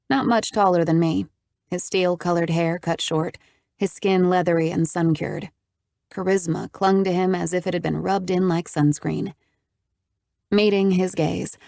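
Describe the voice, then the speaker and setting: Low, creaky woman narrating an audiobook. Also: no room sound. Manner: even, measured storytelling with wry asides. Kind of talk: first-person audiobook narration.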